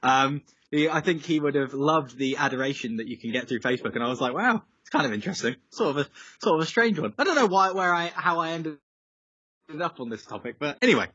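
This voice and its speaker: A man's voice: fairly high pitch, lively intonation, quick pace, sharp tone, no echo. Rambling guy on a call. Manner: rambling, goes off on tangents, many fillers. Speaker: musician guest. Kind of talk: casual chat over a video call. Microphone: video call. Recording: slightly dull, dry call audio.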